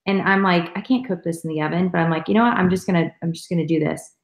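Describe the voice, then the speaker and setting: A woman's voice: lowish voice, fast, reverberant, poor audio. A woman in her thirties co-hosting a live stream, telling a story in a chatty, casual way. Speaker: co-host.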